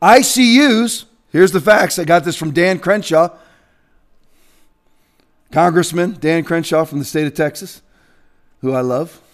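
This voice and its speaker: High-voiced man preaching with rising shouts. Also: a little slow, pauses often. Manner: voice climbs high when agitated. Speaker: pastor. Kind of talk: political sermon rant.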